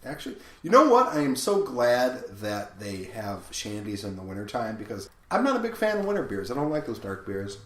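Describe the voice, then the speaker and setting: A man's voice: lowish voice, very animated, normal speed, few pauses, slight background noise. Teasing man in an echoey room. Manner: teasing, joking, profane. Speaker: podcast co-host. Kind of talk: casual chat.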